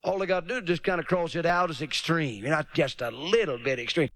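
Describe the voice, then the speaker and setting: A man's voice: a little high, fast talker, hardly any pauses, fairly bright tone, no room sound. A man preaching a dramatic sermon, often mocking others in put-on voices.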